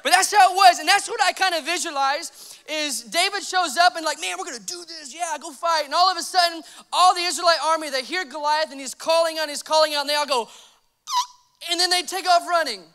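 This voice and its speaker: A young man preaching a sermon, mixing scripture reading with an animated, laughing personal story. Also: extremely high pitch, quick pace. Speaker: pastor.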